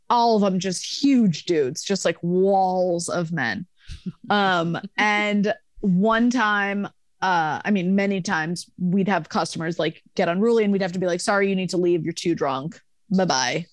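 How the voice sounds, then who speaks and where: A young woman, a former bar manager, telling a story in casual podcast chat, animated and profane, acting out the people she quotes. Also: on the low side, no echo, studio quality.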